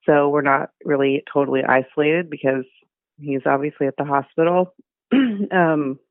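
A woman's voice: low-pitched, fairly even intonation, normal speed, no echo. A heavily pregnant woman calling into a podcast, chatting and telling her story. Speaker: caller. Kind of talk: casual chat. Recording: tinny phone line.

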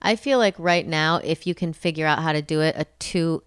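Hesitant woman with a smooth voice. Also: deep voice, dry recording, studio quality. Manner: hesitant, halting. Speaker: podcast co-host. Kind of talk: casual chat.

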